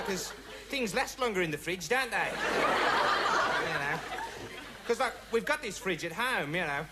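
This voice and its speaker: An actor playing a dim, rambling young man who calls himself an investigator, talking in a digressive TV sketch comedy monologue full of "you know" and "right". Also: sits high. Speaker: comic character monologue. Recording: noisy early 1980s TV audio with loud studio audience laughter.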